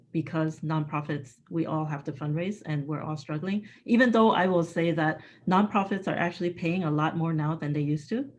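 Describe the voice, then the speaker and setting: A woman's voice: lowish voice, muffled recording. A woman executive answering interview questions candidly, blunt and emphatic, laughing often. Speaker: guest speaker, executive.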